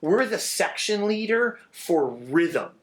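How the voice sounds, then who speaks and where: A middle-aged man, a drummer, talking in a casual interview, animated and swearing freely as he sings out rhythms. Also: high-pitched, takes it slowly.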